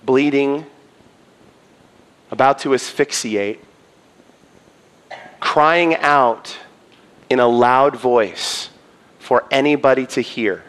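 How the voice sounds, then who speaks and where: A man preaching a sermon, reading scripture dramatically, moving between loud pleas and hushed low passages. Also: slow pace, pauses often. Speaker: pastor.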